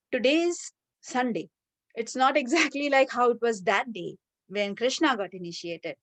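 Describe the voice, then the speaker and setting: A woman retelling a devotional story to a class in a conversational, lively way. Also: fairly high pitch, no echo.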